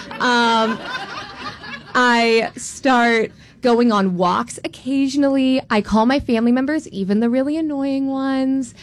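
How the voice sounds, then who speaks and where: A woman in her twenties from Florida, telling a personal story on stage in a candid, self-deprecating, animated way. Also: mid-range voice. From Tampa, Florida. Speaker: storyteller, law student.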